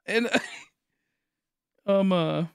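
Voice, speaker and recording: A man's voice: sits high, very slow, gravelly, clear, resonant tone, no echo, studio quality. A man in his late twenties, a streamer rambling through a funny story, laughing often and swearing casually.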